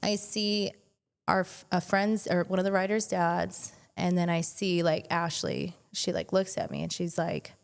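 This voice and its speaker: A woman's voice: lowish voice, animated, unhurried, gravelly, clean tone. A young woman on a podcast, casually telling a personal story, peppered with "like" and swearing. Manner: chatty, frequent "like", swearing. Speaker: podcast guest.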